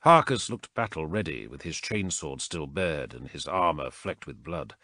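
Low-voiced male audiobook narrator. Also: no echo. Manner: steady, measured storytelling. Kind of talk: scripted narration.

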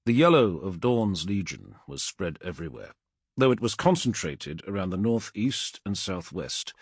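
A man reading an audiobook as narrator, with a dramatic, expressive delivery into a close studio mic. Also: low voice, normal speed, breathy edge, no room sound.

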